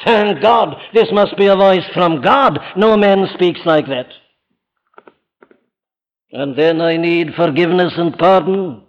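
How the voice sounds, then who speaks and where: A Welsh man preaches in a high voice, weighing each phrase slowly and emphatically before rising to impassioned peaks. The archival recording sounds muffled and dull, and his words ring out with a long reverb through a large church hall. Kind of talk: sermon.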